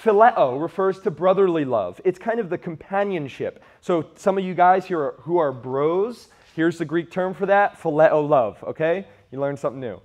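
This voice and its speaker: Emphatic male preacher, fairly high voice. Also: expressive, moderate pace, hardly any pauses, a little mellow. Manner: emphatic, conversational, rhetorical questions. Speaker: youth preacher. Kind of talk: sermon to young men.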